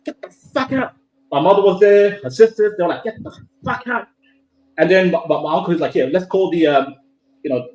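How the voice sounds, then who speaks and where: A young man from Somalia telling a spooky story to a group of friends in a casual, animated way, full of swearing, repeats and restarts. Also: a little high, low-quality recording.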